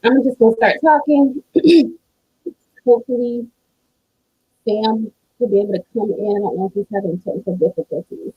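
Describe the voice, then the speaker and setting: A woman singer hosting a live stream in casual, chatty talk, effusive and quick to laugh. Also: fairly high pitch, steady tone, breathy edge, no room sound. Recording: dull lo-fi live-stream audio.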